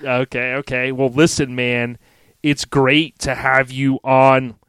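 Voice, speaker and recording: A man's voice: mid-range voice, flat delivery, slow pace, fairly bright tone, clean tone, dry recording. A man in his forties hosting a podcast, talking in a laid-back, slangy way and laughing often. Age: 40s. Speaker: podcast host. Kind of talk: casual podcast chat.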